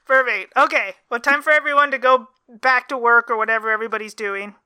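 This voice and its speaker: A woman's voice: a little high, fairly even intonation, quick pace, bright, forceful tone, clear, resonant tone, no echo. A woman hosting a podcast, bubbly and giggly in casual chat. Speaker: podcast host.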